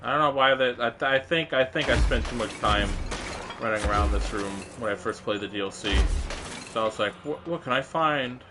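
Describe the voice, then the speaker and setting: A man's voice: medium pitch, flat delivery, fairly quick, background noise. A young man giving rambling, casual let's-play commentary, swearing freely and reading game text aloud. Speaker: game streamer.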